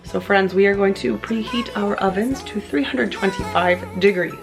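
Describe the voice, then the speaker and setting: A woman's voice: mid-range voice, normal speed, faint music behind. A woman hosting a home cooking video, chatting casually to viewers with joking asides, in her kitchen. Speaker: cooking channel host. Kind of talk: casual recipe vlog.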